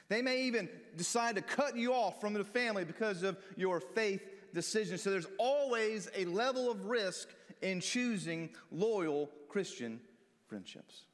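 A male pastor preaches and walks through Bible verses, speaking conversationally and tossing questions out to his congregation. His voice sits a little higher than most men's. A long hall reverb trails every phrase. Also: fairly bright tone. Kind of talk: sermon with Bible reading.

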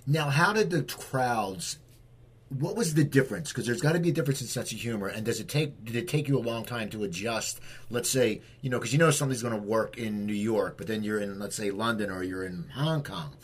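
A man's voice: fairly low pitch, fairly quick, husky. A man, a comedian hosting an interview, asking loose questions in a casual, conversational way.

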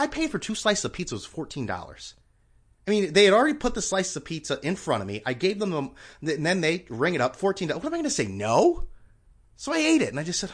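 A male podcast host talking on his own in a loose, rambling rant, sarcastic and liberal with swearing. His pitch moves a lot, and his delivery is animated. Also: brisk. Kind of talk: casual solo podcast rant.

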